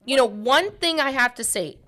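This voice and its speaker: Blunt, animated woman guest on a podcast, bright voice, a bit high. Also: normal speed. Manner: emphatic, blunt, repeats phrases. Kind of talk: animated casual chat.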